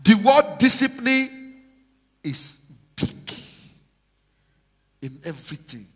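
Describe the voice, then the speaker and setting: A man's voice: extremely high pitch, very animated, slow, faint music behind. A man preaching a sermon, exhorting his congregation and calling on them to repeat phrases after him. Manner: exhorting, call-and-response with congregation. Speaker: pastor. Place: large church hall. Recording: live church hall with long reverb.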